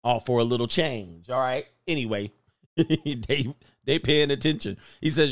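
A man's voice: mid-range voice, unhurried, no room sound, clean studio sound. A man hosting a casual livestream, joking and rambling and often laughing as he talks. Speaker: host.

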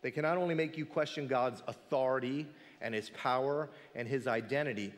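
A man's voice: medium pitch, brisk, in a large hall. A man preaching a sermon as pastor, asking rhetorical questions and dropping to a near whisper for emphasis. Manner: animated, rhetorical questions, drops to a hush for effect.

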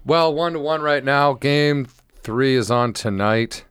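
A man talks in a loose, rambling way, getting excited and jumping from point to point. His voice sits in a middle pitch. The sound is dry and close, with no room sound around it. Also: a little slow, clean tone, dry recording. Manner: rambling, excitable, bursts into shouted impressions. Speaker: podcast co-host. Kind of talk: casual chat.

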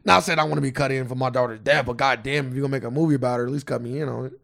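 A man's voice: medium pitch, steady tone, racing, vocal fry, a bit bright. A man co-hosting a podcast, talking in a loose, rambling way with lots of "like". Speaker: podcast co-host. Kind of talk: casual chat.

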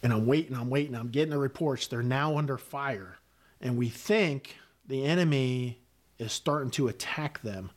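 Speaking at medium pitch, a middle-aged retired Army sergeant major tells a combat story as a podcast guest, using blunt, vivid language full of fillers and swearing.

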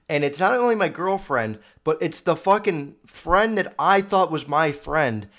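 Young man, podcast host, casual storytelling, swears a lot, mid-pitched voice, keeps correcting himself. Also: a bit bright. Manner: rambling, profane, self-correcting. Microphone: video podcast mic.

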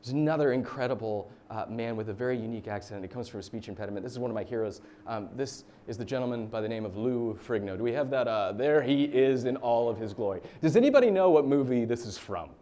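A man's voice: medium pitch, animated, quick pace, few pauses, dark tone, slight background noise. A man in his thirties from the United States giving a casual, story-filled sermon as a pastor, with chatty fillers.

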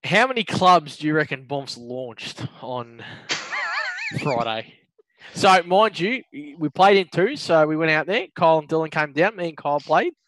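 A man's voice: fairly high pitch, huge pitch swings, a little slow, a bit bright, poor audio. A man with an Australian accent co-hosting a podcast, laughing at himself and swearing in casual banter. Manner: laughing, self-mocking, profane. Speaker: podcast co-host.

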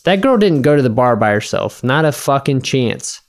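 A man's voice: mid-range voice, very animated, normal speed. A man rambling through a casual, profane chat, acting out his own bar conversations as he tells them.

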